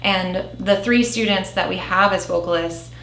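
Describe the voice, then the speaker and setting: A woman's voice: mid-range voice, steady tone, moderate pace, vocal fry, a bit bright. A woman in her forties, an orchestra teacher, talking earnestly and chattily about a workshop. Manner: earnest, chatty, with many um fillers. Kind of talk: interview reflection. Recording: roomy echo with faint music behind.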